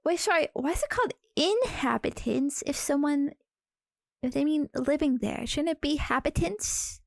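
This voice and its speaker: A woman streamer reacting to videos in a cozy sister role-play, talking softly and teasingly. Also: high voice, lively intonation, normal speed, vocal fry, no echo.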